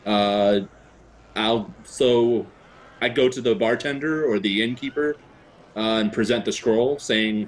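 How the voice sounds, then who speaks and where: A man's voice: fairly low pitch, slow, slight background noise. A man playing a character in a tabletop game, speaking hesitantly and politely. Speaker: player.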